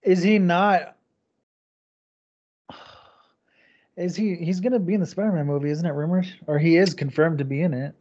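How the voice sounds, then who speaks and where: A man's voice: on the high side, steady tone, normal speed, long pauses, darkish tone, highs cut off. A man co-hosting a casual podcast, answering in short, laid-back remarks. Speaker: podcast co-host. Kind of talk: casual chat.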